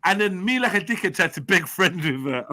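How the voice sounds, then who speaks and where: Male host, high and bright voice, loose slangy storyteller. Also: fairly quick, slight background noise. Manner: animated storytelling with slang and swearing. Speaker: host and personal trainer. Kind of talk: casual live-stream chat.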